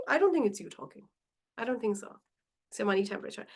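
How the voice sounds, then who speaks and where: Female mindset coach, live session, emphatic and questioning, slightly higher voice. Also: quick pace, pauses often, breathy edge. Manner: animated, challenging rhetorical questions; acts out inner voices dramatically.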